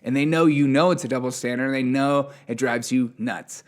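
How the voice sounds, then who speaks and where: A man's voice: medium pitch, brisk. Sarcastic man ranting on a podcast. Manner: sarcastic, ranting, laughs at the news. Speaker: podcast host. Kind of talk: solo news commentary podcast.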